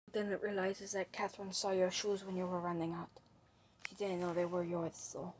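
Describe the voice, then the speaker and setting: A woman's voice: lowish voice, monotone, fairly quick, a little mellow, a little hiss or hum. A woman narrating a mystery reveal, theatrically accusing the culprit as she retraces the crime step by step.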